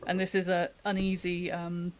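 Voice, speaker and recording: A woman's voice: fairly low pitch, completely flat delivery, moderate pace, clear, resonant tone. A woman giving a casual live-streamed drawing tutorial, chatty and thinking aloud as she sketches, laughing often, from the UK. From United Kingdom. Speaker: artist giving a drawing demo.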